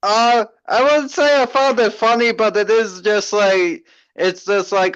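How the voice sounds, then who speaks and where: High-voiced man on dull, lo-fi audio. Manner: relaxed, halting, laughs along. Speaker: podcast guest. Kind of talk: casual chat.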